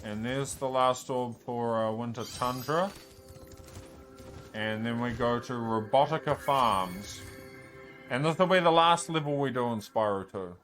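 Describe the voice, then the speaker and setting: A man commenting on his own speedrun as he plays, talking to himself, often frustrated, swearing and shouting at enemies. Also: mid-range voice, unhurried, faint music behind. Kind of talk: live gameplay commentary.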